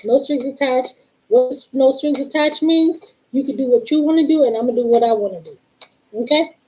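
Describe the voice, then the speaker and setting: High-voiced sassy woman telling a story. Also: brisk, poor audio. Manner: sassy, animated, quotes people in exchanges. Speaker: tarot reader and live-stream host. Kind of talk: casual live-stream storytelling to viewers.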